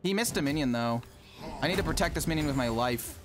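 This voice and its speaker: A man streaming a video game, voicing his frustration in a running rant full of swearing. His pitch sits a little high and leaps all over the place. Game music plays clearly behind him. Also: animated, quick pace. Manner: exasperated, ranting, swearing often. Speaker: gaming streamer. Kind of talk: live gameplay commentary. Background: game music and sound effects.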